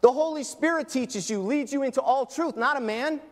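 A middle-aged man preaching a sermon as pastor, emphatic, swinging between loud and soft. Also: extremely high pitch, normal speed, in a large hall. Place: church.

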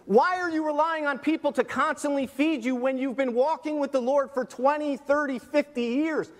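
A middle-aged man preaching a sermon as pastor, emphatic, swinging between loud and soft. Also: extremely high pitch, fairly even intonation, normal speed, in a large hall. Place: church.

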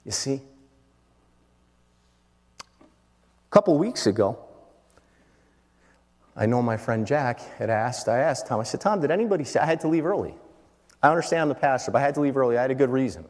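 A middle-aged man preaching a sermon, dropping to quiet storytelling and then rising to loud, shouted declarations. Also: mid-range voice, lively intonation, normal speed, long pauses. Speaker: pastor. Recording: long hall reverb.

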